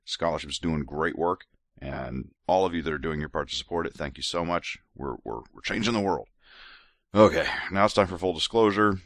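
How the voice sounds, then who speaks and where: A man's voice: deep voice, moderate pace, fairly bright tone, no echo, clean studio sound. A man hosting a podcast in a casual monologue, a little drunk, rambling and laughing with many restarts. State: tipsy from drinks. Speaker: podcast host.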